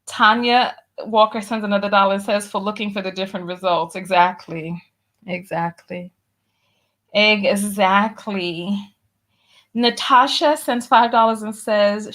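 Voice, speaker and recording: A woman's voice: medium pitch, fairly bright tone. A woman hosting a live-stream talk show, reading out donations with a sassy, teasing, playfully scolding manner. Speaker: host.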